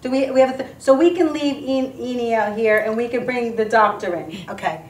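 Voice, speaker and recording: A woman's voice: fairly high pitch, fairly quick, a little mellow, echoey room, distant mic. A woman hosting a talk show, upbeat and encouraging as she interviews a guest. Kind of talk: casual chat.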